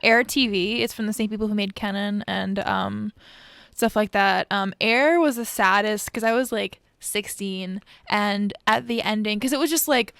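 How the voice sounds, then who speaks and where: Chatty young woman with a gravelly edge. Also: mid-range voice, fairly bright tone, dry recording, studio quality. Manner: teasing, chatty, quick to laugh along. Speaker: podcast co-host. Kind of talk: casual chat.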